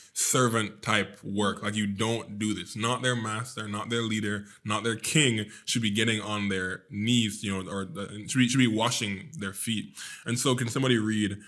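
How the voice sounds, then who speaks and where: A man's voice: on the low side, fairly bright tone. A young man co-hosting a casual scripture podcast, laughing often and acting out quotes in funny voices. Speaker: podcast co-host.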